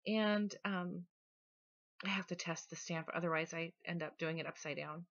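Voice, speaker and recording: A woman talking casually through her scrapbooking process in a relaxed, chatty voice-over. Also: fairly low pitch, normal speed, lo-fi sound. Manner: chatty, relaxed, with small restarts. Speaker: scrapbooking vlogger.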